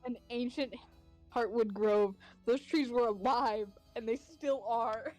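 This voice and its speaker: A woman's voice: on the high side, takes it slowly, a little mellow, faint music behind. A woman playing a tabletop game with a dry, wry delivery. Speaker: player.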